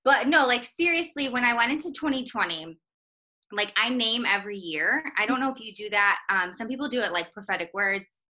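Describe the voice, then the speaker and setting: A woman with a bright, clear voice chats about her faith and family. She talks in a relaxed, self-deprecating way and laughs often. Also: a little high, brisk. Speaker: guest, minister's wife and mother. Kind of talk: casual faith conversation.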